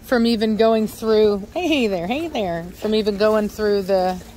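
A woman breeder chatting casually while handling her dogs in a yard, now and then calling to them in a high sing-song voice. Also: unhurried, darkish tone. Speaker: dog breeder. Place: outdoor dog yard. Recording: faint outdoor noise.

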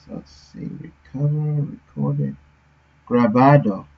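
A man's voice: medium pitch, very animated, takes it slowly, vocal fry. A man streaming his game development work, thinking aloud and sounding out words as he goes. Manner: muttering to himself, sounding out words. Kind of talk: thinking aloud while working. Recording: dull lo-fi audio.

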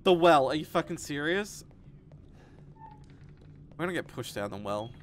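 A streamer giving live commentary on a horror game, jumpy and swearing, muttering low between shouted refusals. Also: animated, moderate pace, a little hiss or hum.

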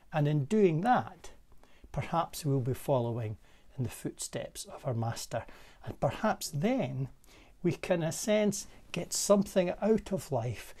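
A man with a Scottish accent, a parish minister giving a gentle, conversational reflective sermon from a room in his manse. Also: fairly high pitch. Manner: gentle, conversational, with pauses and soft laughs.

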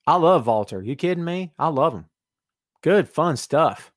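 Here a podcast host speaks slightly slowly in a voice on the high side, reading audience comments aloud during a casual live-stream chat. Excitable and full of jokes, he addresses the chat directly, and the recording is clean studio sound without any room sound.

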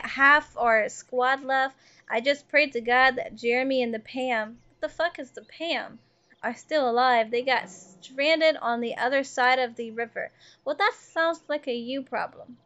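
Brief: high, chatty woman streamer, swears freely and greets chat by name, dull lo-fi mic. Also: bright, forceful tone. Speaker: livestreamer. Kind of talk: casual live-stream chat while gaming.

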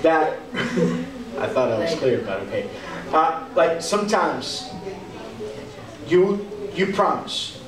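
Lively young youth pastor in an echoey hall. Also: male voice, a little high, slow, pauses often, recorded from a distance, a crowd in the background. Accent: Texan. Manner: animated, conversational, acts out quotes. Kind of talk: youth sermon. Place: church hall. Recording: echoey hall, speaker off-mic. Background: audience answering now and then.

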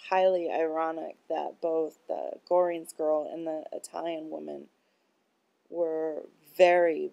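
A woman's voice: deep voice, vocal fry, darkish tone. A woman talking in a rambling, casual monologue. She is blunt and profane, and she leans on filler words as she goes. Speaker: vlogger.

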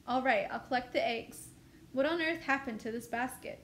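A cocky young soldier-to-be from a storybook, proud of himself and quick to scold, as a woman reads him aloud. The voice stays high, with faint ambient noise behind. His lines are lightly voiced rather than acted. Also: a bit bright. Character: older brother, young man, proud and cocky. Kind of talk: reading a novel aloud.

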